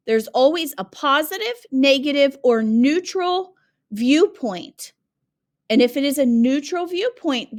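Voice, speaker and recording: A woman teacher giving a lesson, speaking clearly and patiently and asking her students questions. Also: sits high. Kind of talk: classroom lesson narration.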